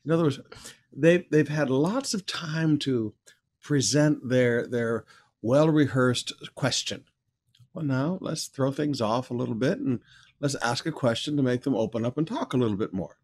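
A man preaches through a scripture passage in an easygoing, conversational teaching voice. His pitch sits in the middle of the male range, and he turns forceful and emphatic whenever he reads the verses aloud. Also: moderate pace. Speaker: pastor. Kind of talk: verse-by-verse sermon.

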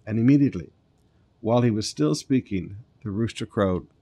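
A man, a pastor reading scripture and preaching in a conversational way, with lively asides and soft, earnest appeals. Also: fairly low pitch, moderate pace.

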